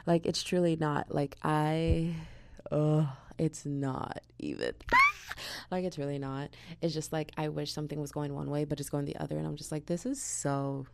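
A woman's voice: deep voice, normal speed, gravelly, heavy background noise. A young woman hosting a casual solo podcast, chatty and slangy, with lots of "like". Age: young adult. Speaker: podcast host.

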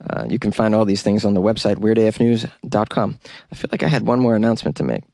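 A man's voice: lowish voice, fast talker, vocal fry, mellow, dry recording, clean studio sound. Sarcastic man hosting a comedy podcast. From Boston area. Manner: sarcastic, laughing at his own jokes. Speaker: podcast host. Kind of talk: casual comedic monologue.

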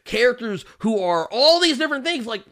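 A man's voice: very high voice, very animated, brisk, fairly bright tone. A man in his thirties hosting a casual livestream, ranting with profanity and laughing often while he reacts to chat. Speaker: livestream host.

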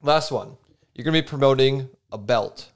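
A man's voice: mid-range voice, normal speed. A man hosting a casual comedy podcast, upbeat and encouraging as he hands out prompts and laughs along. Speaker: podcast host.

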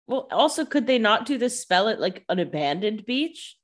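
Woman co-host, animated pitch, jokey and rambling with lots of "like.". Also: normal speed. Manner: joking, filler-heavy with frequent "like". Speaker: podcast co-host. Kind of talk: casual chat.

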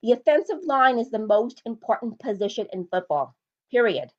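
A woman's voice: fairly high pitch, expressive, moderate pace, a little mellow, highs cut off. A woman hosting a solo podcast, giving blunt, opinionated sports commentary and hammering her points home with repetition. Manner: blunt, emphatic, repeats points for stress. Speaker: podcast host.

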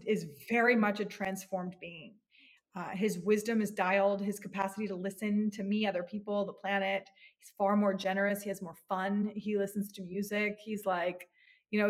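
A woman's voice: mid-range voice, steady tone, normal speed. Earnest, reflective woman therapist. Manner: earnest, reflective, with many restarts. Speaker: psychotherapist guest. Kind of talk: podcast interview.

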